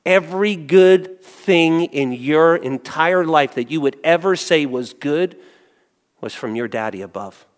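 A man preaching a sermon, swinging from hushed lines to loud exclamations. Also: a little high, lively intonation, measured pace, long reverb tail. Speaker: pastor.

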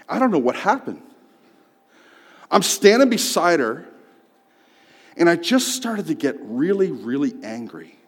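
A man telling a personal story in a sermon, swinging from loud outbursts to hushed tones. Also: on the high side. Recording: long hall reverb.

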